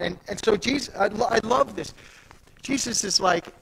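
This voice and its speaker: A man preaching a sermon as pastor, animated and conversational, swinging from soft asides to loud emphatic peaks. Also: high voice, unhurried, vocal fry, slightly rough, low-quality recording. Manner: conversational, retells scripture in everyday speech.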